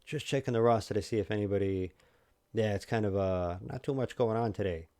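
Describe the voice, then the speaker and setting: A man's voice: on the low side, a little fast, a little mellow, no room sound, clean studio sound. A man with a New York accent, chatting casually to his viewers while streaming a game, rambling with lots of fillers and restarts. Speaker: livestream host. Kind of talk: casual livestream chat.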